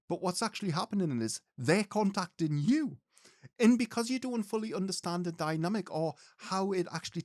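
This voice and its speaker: A man's voice: a little high, darkish tone, dry recording, studio quality. A man teaching mediumship, speaking earnestly and directly to his listeners. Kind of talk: spiritual teaching talk to viewers.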